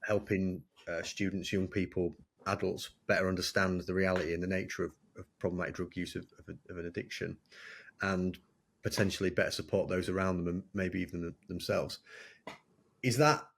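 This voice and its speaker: A man's voice: low voice, steady tone, a little fast, creaky, fairly bright tone, husky. A man hosting an interview podcast, framing his questions thoughtfully and carefully. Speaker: podcast host.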